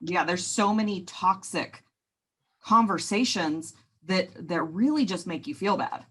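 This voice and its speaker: A woman's voice: fairly low pitch, expressive, measured pace, fairly bright tone, husky. A woman hosting a casual interview, chiming in with short agreements and comments. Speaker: podcast host.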